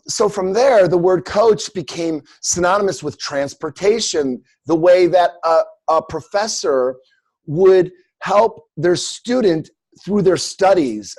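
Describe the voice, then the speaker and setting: A middle-aged man leads a coaching class in a loose, chatty way. His voice sits fairly high for a man. He rambles, uses plenty of fillers and pokes fun at himself as he goes. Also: darkish tone. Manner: rambling, jokey, self-mocking, many fillers. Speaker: coaching instructor. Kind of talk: casual teaching on a group call.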